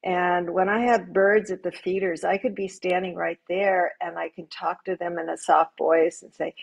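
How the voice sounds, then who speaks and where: Gentle, reflective older woman. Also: on the low side, fairly even intonation, gravelly, poor audio. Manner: gentle, reflective, unhurried storytelling. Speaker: panel guest. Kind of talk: live panel conversation.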